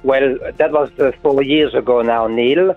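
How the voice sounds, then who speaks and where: Older man, French accent, tinny phone line, joking, halting speech. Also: mid-range voice, fairly even intonation, faint music behind. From France. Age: 70s. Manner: jokey, halting with many fillers. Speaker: caller. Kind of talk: casual phone chat.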